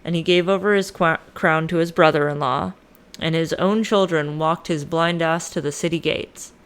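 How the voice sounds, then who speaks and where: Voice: mid-range voice, fairly even intonation, normal speed, a bit bright, clear, resonant tone. A podcast host casually retelling a myth with lots of swearing and modern slang. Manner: profane, slangy, irreverent.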